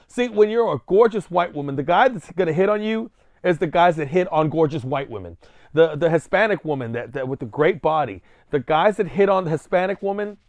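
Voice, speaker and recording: A man hosting his own vlog, ranting in a blunt, crude, provocative monologue with sudden jumps in pitch. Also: a little mellow, no echo. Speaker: vlog host.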